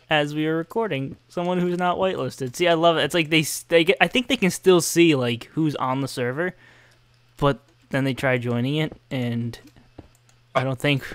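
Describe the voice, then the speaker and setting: A man's voice: on the high side, fairly even intonation, normal speed, clear, resonant tone, no room sound. A young man chatting casually while gaming, laughing easily and adding joking asides.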